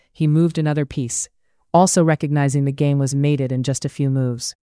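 An audiobook narrator giving a steady, even reading of a period romance story. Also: mid-range voice, clean tone, dry recording, studio quality.

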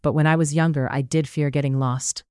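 An audiobook narrator voicing a lively, mischievous young woman who talks eagerly and playfully. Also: medium pitch, brisk, clear, resonant tone, lightly acted. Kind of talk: audiobook character voice.

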